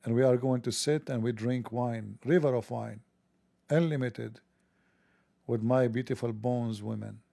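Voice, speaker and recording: A man's voice: medium pitch, fairly even intonation, a little slow, vocal fry, warm tone, no echo. A man hosting a livestream, delivering a sarcastic, joking, mocking monologue. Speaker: livestream host.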